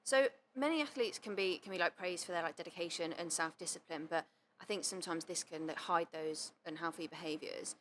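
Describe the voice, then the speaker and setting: A woman's voice: on the low side, brisk, hardly any pauses, a little hiss or hum. A woman hosting a podcast, asking questions and answering her guest supportively. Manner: gentle, affirming, frequent "yeah". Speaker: podcast host. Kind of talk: interview questions and supportive responses.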